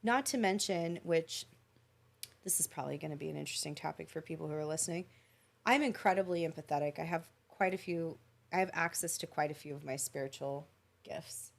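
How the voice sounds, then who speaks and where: A woman's voice: low voice, fairly quick, vocal fry. A woman, a podcast guest, telling an emotional personal story in an earnest, reflective way. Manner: earnest, reflective, tells stories in detail.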